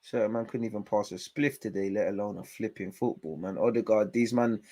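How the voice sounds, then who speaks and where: A man's voice: lowish voice, fairly quick, warm tone, no echo. A young man giving blunt, slangy, frustrated running commentary while watching a football match live. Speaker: football fan channel host.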